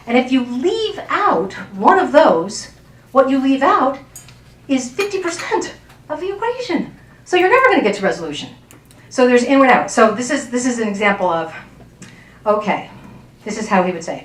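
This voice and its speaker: A woman's voice: on the high side, expressive, moderate pace, fairly bright tone, recorded from a distance. A woman relationship coach giving a workshop talk to an audience in a chatty way, often checking in with her listeners. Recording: roomy sound from off-mic.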